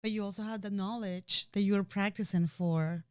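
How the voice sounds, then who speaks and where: A woman's voice: medium pitch, fairly even intonation, moderate pace, darkish tone, clear, resonant tone, no room sound, studio quality. A woman speaking candidly and emotionally in a personal conversation, often restarting her sentences. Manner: emotional, earnest, with frequent restarts and "you know".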